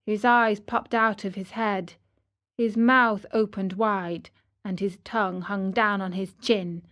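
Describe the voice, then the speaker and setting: A woman reading a fairy tale aloud clearly and deliberately for English learners. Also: medium pitch. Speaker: storyteller.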